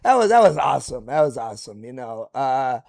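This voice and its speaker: A man hosting a reaction video, commenting excitedly and casually, often restarting his sentences. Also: mid-range voice, brisk, creaky. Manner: excitable, lots of fillers and restarts.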